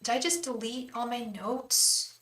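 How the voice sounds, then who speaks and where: A woman's voice: on the high side, unhurried, a bit bright, low-quality recording. A woman tarot reader talking casually on a live stream. She rambles, chats with viewers by name, uses slang like "girl" and "hun", and murmurs a repeated invocation while she shuffles the cards. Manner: rambling, chatty, talks straight to viewers by name. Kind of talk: casual live-stream chat and card reading.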